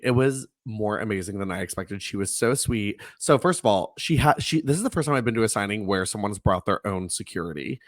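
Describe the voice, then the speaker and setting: A young man co-hosting a podcast, telling stories in a lively, animated way, laughing often and acting out quotes in a high voice. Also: no room sound. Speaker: podcast co-host. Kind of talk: casual chat.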